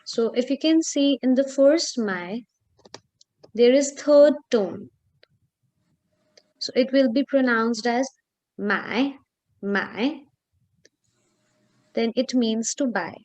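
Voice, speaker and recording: A woman walks a student through a Chinese lesson, speaking slowly and carefully. Her voice sits a bit high, and she pauses often with small fillers as she explains. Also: darkish tone. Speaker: Chinese tutor. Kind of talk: online language lesson.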